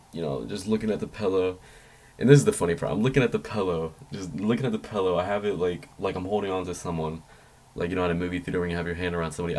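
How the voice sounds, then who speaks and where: Young guy with a low voice rambling thru an embarrassing story, swears a lot, squeaks up high quoting himself. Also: darkish tone. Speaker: vlogger. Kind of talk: casual storytelling vlog.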